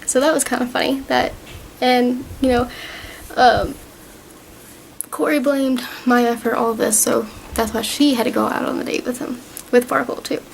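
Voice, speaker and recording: High-voiced chatty young woman vlogger. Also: little pitch movement, moderate pace, vocal fry, a little hiss or hum, rough recording. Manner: chatty and rambling, many fillers and retold dialogue. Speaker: vlogger reviewing a TV season. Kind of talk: casual recap talk to camera.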